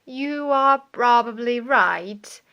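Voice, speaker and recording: Picture a smooth, inquisitive schemer hiding his aims behind friendly questions, as a woman reads him. Her voice stays bright and slow. It is an audiobook reading. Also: on the high side, expressive, full character voice. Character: male villain feigning friendly concern.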